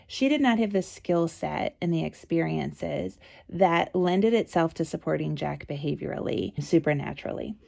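Woman, podcast host, middle-aged, conversational storytelling, vocal fry. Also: fairly low pitch, mellow. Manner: chatty, anecdotal, reassuring.

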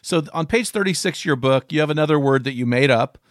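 A man hosting a casual interview, warmly affirming his guest and quoting from his book. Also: on the high side, quick pace, no echo, studio quality. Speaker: interview host.

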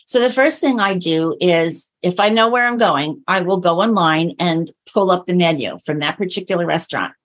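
A middle-aged woman with a slightly husky, breathy voice talks as a guest on a podcast. She sits a little low in her range and chats easily about food, slipping into storytelling with quoted dialogue. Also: normal speed, few pauses. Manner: chatty, tells stories with lively quoted dialogue. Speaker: nutrition and diabetes coach, guest. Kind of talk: casual podcast interview.

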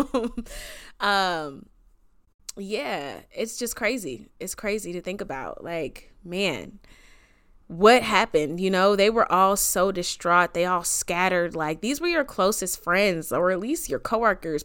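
A woman hosts a podcast, speaking casually and with deep feeling. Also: fairly bright tone. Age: 20s. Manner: chatty, slangy, emotional and reverent. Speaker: podcast host. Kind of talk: casual devotional podcast monologue.

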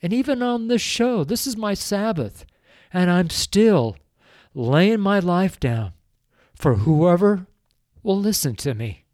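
An older man preaches at an unhurried pace, his voice pitched a little above most men's. He pleads earnestly and is tearful throughout, and the recording is dry and close, with no room sound. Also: sing-song, a little mellow, dry recording. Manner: slow, earnest, pleading, with drawn-out emphasis. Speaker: street preacher. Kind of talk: emotional radio sermon.

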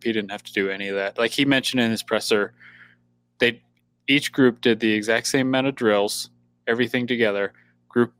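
A man giving relaxed, matter-of-fact commentary in casual podcast chat. His voice sits at a middle pitch, even and unforced. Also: no echo. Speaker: podcast co-host.

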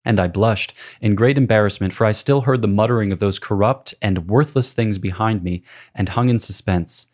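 A priest reading a spiritual classic aloud in a measured, solemn way. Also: male voice, fairly low pitch, darkish tone.

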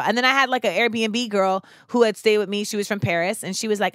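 Woman, podcast host, reflective, earnest, casual monologue, mid pitch, dry close recording. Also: steady tone, fast talker, hardly any pauses, fairly bright tone, no echo. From United States, of West Indian parents. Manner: earnest, thoughtful, uses fillers like "you know".

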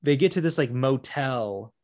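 A man's voice: mid-range voice, expressive, unhurried, darkish tone. A man in a loose podcast chat about a film he has watched. He talks it through animatedly and acts out the characters' lines as he goes. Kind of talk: casual film discussion.

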